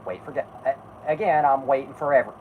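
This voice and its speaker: A man's voice: mid-range voice, fairly quick, phone-quality sound, slight background noise. A man hosting a casual live stream who halts, rambles and restarts his sentences while he talks to his chat and co-hosts. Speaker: podcast host.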